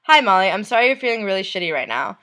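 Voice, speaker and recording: A woman vlogger reads messages aloud at a middle pitch. Her delivery is soft and unhurried, and her voice trails off at the end of lines. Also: very animated.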